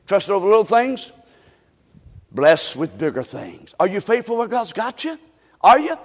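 Brief: high, gravelly male pastor, fervent shouted sermon, long church-hall reverb. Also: very animated, moderate pace. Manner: fervent, repetitive calls to the congregation, often shouting. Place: church sanctuary.

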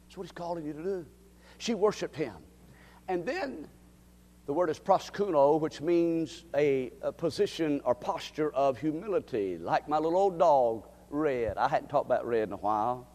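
A man preaching a sermon, dropping to a hush and rising to shouts. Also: on the high side, expressive, moderate pace, long reverb tail. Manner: dramatic swings from hushed to shouting.

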